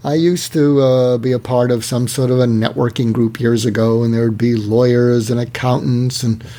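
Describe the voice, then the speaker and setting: An animated male author, a guest in an interview, explains techniques conversationally and acts out example dialogue. He speaks at a moderate pace in a mid-range voice.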